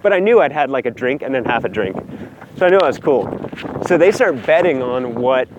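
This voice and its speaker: A man's voice: mid-range voice, brisk. Man telling a rowdy story outdoors. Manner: animated storyteller, swears and laughs often. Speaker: podcast co-host. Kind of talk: casual storytelling chat. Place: outdoors at a marina. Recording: muffled outdoor recording with wind noise.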